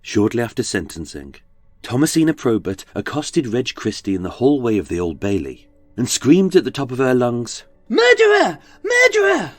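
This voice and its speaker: Husky-voiced British man narrating true crime. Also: mid-range voice, sing-song, normal speed, mellow, no echo. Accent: British English. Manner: dramatic, darkly wry storytelling. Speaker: podcast narrator.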